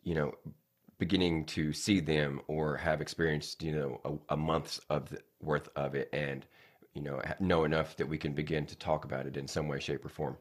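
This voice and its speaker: A man with a very deep voice co-hosts a casual podcast. He talks in a halting way, stopping often to look for the right words. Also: level tone. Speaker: podcast co-host.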